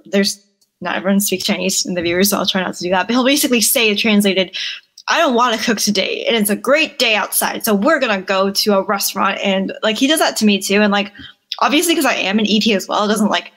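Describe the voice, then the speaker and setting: A woman's voice: mid-range voice, fast, a bit bright. A young woman chatting as a podcast guest, telling stories animatedly with frequent laughter and acted-out family dialogue. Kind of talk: casual chat.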